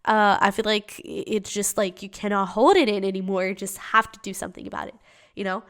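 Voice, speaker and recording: A woman's voice: medium pitch, level tone, a little fast, a bit bright. A woman giving a casual tarot reading to camera, chatty and giggly, with many fillers and restarts. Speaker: tarot reader.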